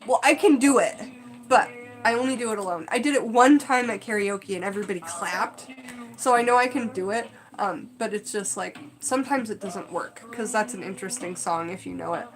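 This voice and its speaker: A woman's voice: mid-range voice, fairly quick, low-quality recording. A woman chatting casually on a live stream, rambling with lots of fillers. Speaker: livestream host.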